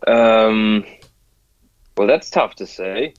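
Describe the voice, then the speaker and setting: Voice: medium pitch, drawn-out words, smooth, no room sound, highs cut off. A guest in a group chat answering hesitantly and sheepishly. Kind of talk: casual group chat over video call.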